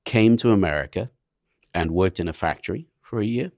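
A man's voice: low-pitched, expressive, brisk, darkish tone, dry recording. A middle-aged man from England with a mid-Atlantic English accent, a guest scientist answering with dry, self-deprecating humor. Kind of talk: casual interview.

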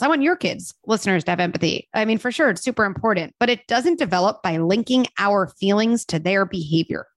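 A woman's voice: mid-range voice, dry recording. A woman in her thirties, a parenting podcast host, explaining in an earnest, conversational way and briefly acting out what children and parents say. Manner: earnest, explanatory, acts out quoted voices.

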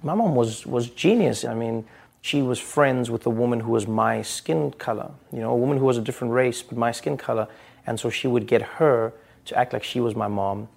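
A man's voice: medium pitch, brisk, vocal fry, a little mellow. A man in his thirties, a comedian speaking candidly and thoughtfully in an interview. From South Africa. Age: 30s. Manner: thoughtful, candid, with small restarts. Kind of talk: reflective interview.

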